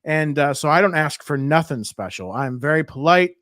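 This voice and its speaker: A man's voice: on the high side, a little fast, hardly any pauses, a bit bright, dry recording, studio quality. A man in his thirties co-hosting a podcast, blunt and joking in casual profane chat. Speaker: podcast co-host.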